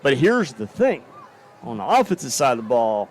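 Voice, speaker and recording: A man giving color commentary at a live high school football game, folksy and analytical. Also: very animated, normal speed, slight background noise.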